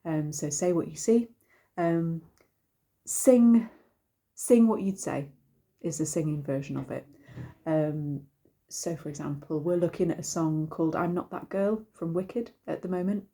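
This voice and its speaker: Chatty woman, mellow low voice. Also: a little slow. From United Kingdom. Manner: chatty and rambling, many ums and restarts. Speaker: singing teacher. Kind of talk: casual singing lesson to camera.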